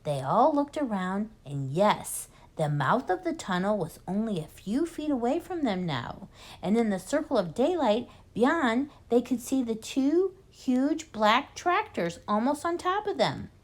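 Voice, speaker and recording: Female reading tutor, animated children's audiobook narration. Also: a little high, a little slow. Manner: expressive, lively storytelling.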